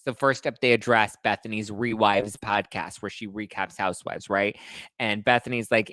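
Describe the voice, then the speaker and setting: A man hosting a live reality TV gossip show, recapping in a casual, animated, slang-heavy way. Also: fairly low pitch, moderate pace, no echo. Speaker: host of a reality TV gossip livestream and podcast. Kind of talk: casual chatty pop-culture recap.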